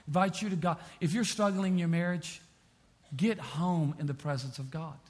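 A man preaching a sermon as pastor, repeating phrases and swinging from quiet to impassioned. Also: a little high, fairly even intonation, normal speed.

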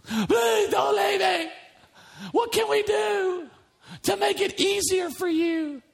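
A man voicing a whiny, desperate man who pleads with people not to leave him, in a high, drawn-out voice. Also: vocal fry, exaggerated voice. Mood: pleading.

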